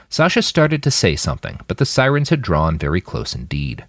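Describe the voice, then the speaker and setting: A man narrating a thriller audiobook in an expressive, dramatic manner. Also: sits low, brisk, few pauses, no room sound, studio quality. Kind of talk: scripted narration.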